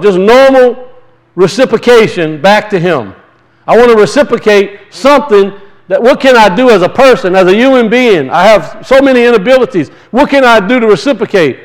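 A man preaching a sermon, talking conversationally and with passion, drawing words out for emphasis and reading scripture slowly. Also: high voice, poor audio. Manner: reads scripture aloud slowly and deliberately.

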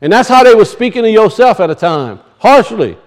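A man's voice: high-pitched, sing-song, a little fast, rough recording. A man preaching a sermon. He reads scripture aloud, asks his hearers pointed questions and often repeats words for emphasis.

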